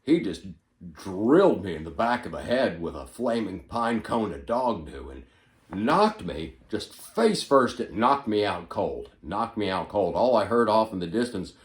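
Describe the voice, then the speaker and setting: A man's voice: on the low side, sing-song, a little slow, reverberant. A man doing a rambling old politician. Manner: rambling, stumbling on repeated words, sudden loud bursts. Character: rambling, forgetful elderly male politician. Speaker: comedian. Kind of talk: stand-up impression monologue.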